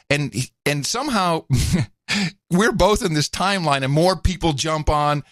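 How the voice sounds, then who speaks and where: Speaking unhurriedly in a fairly high voice, this co-host tells lively stories and laughs frequently during a casual podcast chat. The studio-quality recording is dry.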